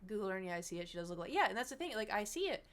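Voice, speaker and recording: A young woman chatting casually with viewers on a livestream, rambling and animated, slipping into mocking impressions. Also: medium pitch, very fast. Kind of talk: casual stream chat with viewers.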